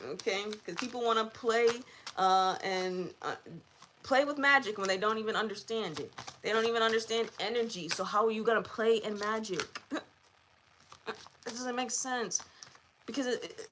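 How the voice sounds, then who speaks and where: A woman hosting a live collective tarot reading, chatty and animated, often laughing. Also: mid-range voice, normal speed, slight background noise. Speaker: tarot reader.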